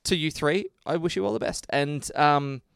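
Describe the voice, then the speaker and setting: Aussie guy on a podcast telling a story, jumps up high for quotes, dry close sound. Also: normal speed, creaky, clear, resonant tone, no room sound. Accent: Australian. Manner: animated, jumps up in pitch for quoted voices. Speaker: podcast co-host. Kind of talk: casual chat, storytelling.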